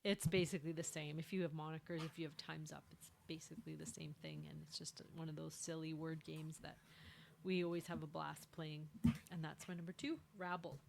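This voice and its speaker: A woman's voice: low-pitched, fairly quick, gravelly, noisy background. A woman co-hosting a board game podcast, chatting casually and cheerfully, laughing easily while she explains. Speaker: podcast co-host. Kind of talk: casual chat about board games.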